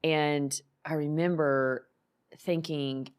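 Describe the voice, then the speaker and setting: A woman co-hosting a faith podcast, her voice sitting a little low. She tells personal stories earnestly and acts out the lines she quotes in lively turns. The talk is relaxed and conversational. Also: slow pace, clear, resonant tone. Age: adult, married. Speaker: podcast co-host.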